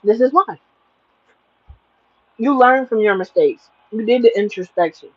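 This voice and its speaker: A woman's voice: on the high side, a little slow, dry recording. A woman tarot reader giving a spiritual livestream reading, talking in an emphatic, preachy, plain-spoken way, over dull lo-fi audio.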